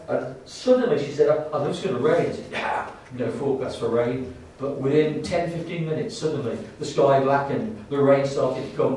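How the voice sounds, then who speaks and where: A man preaching a sermon in a church, halting with many restarts and rising to fervent emphasis. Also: a little high, a little mellow, a little hiss or hum. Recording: echoey church hall, distant mic.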